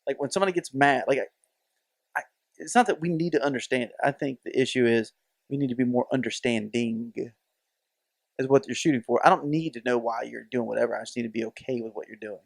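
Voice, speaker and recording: An animated man co-hosting a casual podcast chat, a mid-pitched voice that jumps up when he acts out other people in his stories. The sound is dry and close, with no room echo. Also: a little fast, creaky. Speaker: podcast co-host.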